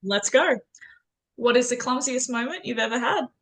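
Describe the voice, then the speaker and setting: A woman hosting an author interview over a video call, enthusiastic and gushing as she fires off quick questions. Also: a little high, a bit bright. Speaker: interview host. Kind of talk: casual interview chat.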